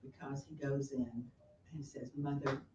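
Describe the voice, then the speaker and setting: A woman teacher lecturing her class, retelling a play with lively storytelling and acted-out quotes. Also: deep voice, measured pace, highs cut off, noisy background. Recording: roomy classroom from a distance.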